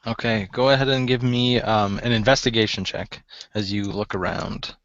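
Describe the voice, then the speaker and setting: A man narrating as game master in a relaxed way, with many fillers. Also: fairly low pitch, moderate pace, no room sound, highs cut off.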